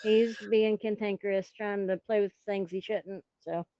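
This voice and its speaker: A woman's voice: mid-range voice, steady tone, moderate pace, mellow, smooth, dry recording, lo-fi sound. A woman guest chatting casually on a stream over a headset, rambling and giggling, breaking off to talk to her cat. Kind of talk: casual chat.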